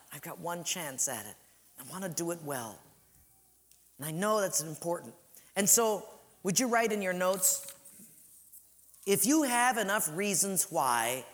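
Emphatic high-voiced male preacher. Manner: emphatic, swings from loud to soft, slows to stress points. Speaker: pastor. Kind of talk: sermon.

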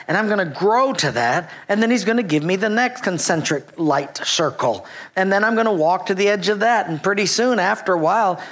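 A middle-aged man preaching a sermon, telling a personal story and acting out his own past thoughts with animated delivery. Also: sits high. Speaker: pastor.

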